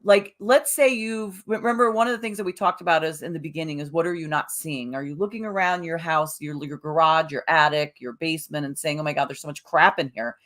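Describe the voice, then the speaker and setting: A woman co-hosting a motivational podcast in a relaxed, conversational way, with fillers and restarts. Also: low-pitched, fairly quick, hardly any pauses. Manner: conversational, with fillers and self-corrections. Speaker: podcast co-host. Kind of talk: casual motivational chat.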